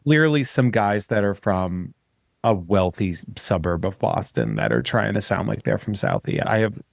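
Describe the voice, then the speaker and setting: Man, podcast co-host, lowish voice, wry and opinionated, dry sound. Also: gravelly, no echo. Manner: wry, opinionated, quick jokes. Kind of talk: casual podcast chat.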